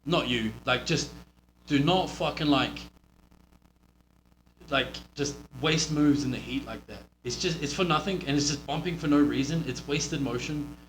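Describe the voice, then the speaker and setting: New Zealand man, wrestling coach, profane and rambling, slightly high voice, echoey room. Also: measured pace, fairly bright tone. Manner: blunt, profane, rambling with many fillers. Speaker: wrestling coach reviewing a match. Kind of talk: casual match review. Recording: roomy with faint hum.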